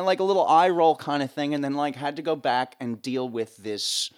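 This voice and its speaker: A man's voice: a little high, fairly quick, few pauses, clear, resonant tone. A middle-aged man from the United States, a live sound rigger, telling rambling stories in a casual interview. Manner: rambling, lots of fillers, animated voices when quoting.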